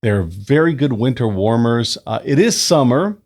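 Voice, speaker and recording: Man, beer review host, casual chat, lively pitch, indoor mic. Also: normal speed. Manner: chatty, relaxed, lively pitch. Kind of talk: casual review with read-out history segment. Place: indoors at home, summer. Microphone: new desk microphone.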